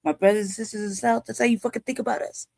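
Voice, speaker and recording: A woman's voice: fairly high pitch, steady tone, rapid-fire, vocal fry, darkish tone, no room sound. A woman in her forties from California, hosting a commentary show and ranting angrily with heavy profanity. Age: 40s. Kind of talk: heated livestream commentary.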